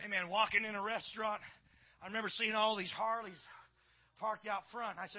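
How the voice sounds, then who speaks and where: A man's voice: high voice, level tone, a little fast, muffled recording. A middle-aged man preaching a sermon in a church, folksy, sprinkling amen and praise God through his talk. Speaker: pastor.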